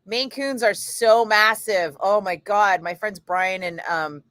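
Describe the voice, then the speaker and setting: A middle-aged woman chats loosely with her viewers, jumping between stories and offhand swearing. Her voice sits at an ordinary pitch and comes across close and dry, with no room sound around it. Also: slow pace, no room sound. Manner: chatty, animated storyteller, swears casually. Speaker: radio DJ chatting with live viewers. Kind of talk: casual livestream chat.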